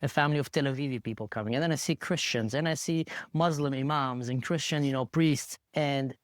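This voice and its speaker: A man guest telling a first-hand story in an animated, emotional way, acting out what others said. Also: a little fast, no echo, clean studio sound. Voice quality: animated, acts out quotes with big pitch jumps.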